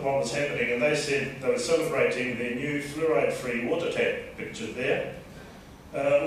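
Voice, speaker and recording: A man with a New Zealand accent giving a measured lecture presentation as a dentist, with a dry sense of humor. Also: medium pitch, a bit bright, slight background noise. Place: lecture hall. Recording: distant echoey hall mic.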